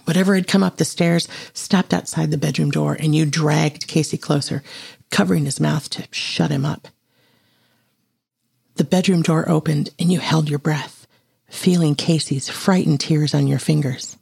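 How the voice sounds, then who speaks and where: A man narrating a second-person horror story in a hushed, tense way. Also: fairly high pitch, fairly even intonation, normal speed, gravelly, breathy edge.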